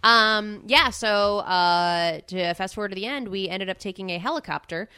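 Bright-voiced woman telling a story. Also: mid-range voice, moderate pace, smooth. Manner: animated storyteller who acts out quotes. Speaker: podcast co-host. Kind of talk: casual chat.

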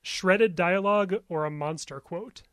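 A man's voice: sits high, a bit bright, no echo, clean studio sound. Casual man hosting a trivia round. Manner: reads multiple-choice questions, quick asides. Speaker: quiz host. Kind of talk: casual podcast chat.

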